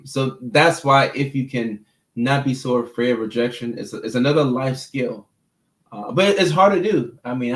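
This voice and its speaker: A mental health clinician hosts a livestream, chatting easily as he reads and responds to viewer comments. His ordinary mid-pitched voice has a fairly bright tone, and the sound is roomy. Easygoing and talkative, he often repeats a word while working out what to say.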